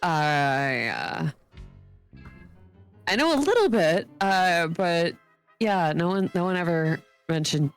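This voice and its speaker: Woman player, slow and halting, faint music under. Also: on the low side, sing-song, smooth. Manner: hesitant, stammering. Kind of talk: playing a tabletop game.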